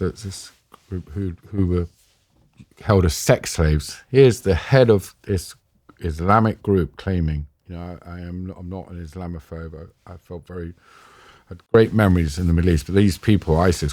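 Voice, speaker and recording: A middle-aged man with a London accent tells his story in a low voice, intense and halting, restarting his sentences and acting out what others said. The sound is dry and close, with no room around it. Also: darkish tone, dry recording. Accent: London English. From England. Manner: intense, halting, with frequent restarts and quoted exchanges. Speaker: interview guest. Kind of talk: emotional storytelling in a podcast interview.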